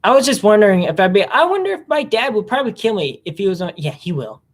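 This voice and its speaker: A vlogger talking in a casual, rambling monologue, hopping between topics, the voice jumping up in pitch when excited. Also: quick pace. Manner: mimics other people in silly voices.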